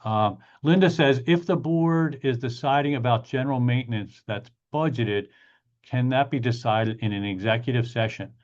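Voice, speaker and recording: A man's voice: medium pitch, a little mellow, dull audio. A middle-aged man, an attorney hosting a monthly Q&A, explains in casual talk, stressing key points by repeating them. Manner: emphatic, repeats key points, acts out clients in quick asides. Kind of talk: casual explanatory talk answering chat questions.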